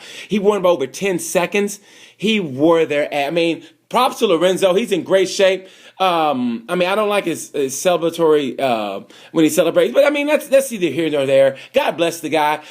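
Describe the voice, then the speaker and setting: A man with a fairly high voice talks through a race review off the cuff. He rambles and repeats himself, now loud and excited, now dropping to a mutter. It sounds like a home camera recording. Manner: animated, rambling, swings loud and soft. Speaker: vlogger reviewing motorcycle races. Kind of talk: casual unscripted review.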